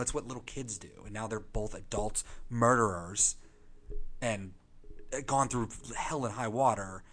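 A man co-hosting a casual chat, animated and excitable, swearing freely and jumping between quick asides. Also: medium pitch. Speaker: podcast co-host.

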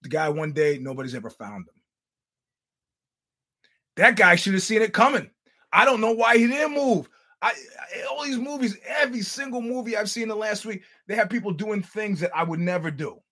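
An older man hosting a podcast, telling stories in a casual, animated, profane way with laughing asides. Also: high-pitched, normal speed, breathy edge. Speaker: podcast host. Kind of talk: casual storytelling monologue.

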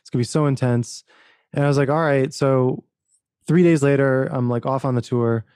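Man, author guest, animated storytelling, acts out dialogue, restarts often, mellow tone, dry close recording. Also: medium pitch, moderate pace, clean tone, dry recording. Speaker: author and book producer, podcast guest. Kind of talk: casual interview storytelling.

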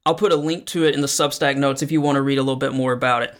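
A man's voice: medium pitch, fairly even intonation, rapid-fire. A man hosting a solo podcast, explaining current affairs in a conversational way with frequent fillers. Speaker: podcast host. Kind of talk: solo news commentary podcast.

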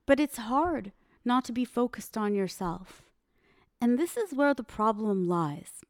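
A podcast host tells a story in an earnest, reflective monologue, speaking directly to the listener. Her fairly high voice has lively intonation and an unhurried pace, captured in clean studio sound without echo.

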